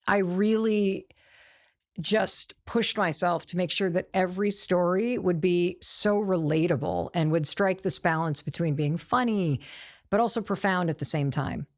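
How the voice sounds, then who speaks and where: A woman author addressing her viewers directly in a vlog, earnest and emphatic. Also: medium pitch. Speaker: author and host.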